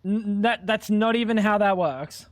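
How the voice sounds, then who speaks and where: Man, gaming streamer, crude rambling banter, high voice, dry close mic. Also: unhurried, no echo. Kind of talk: casual gaming livestream chat.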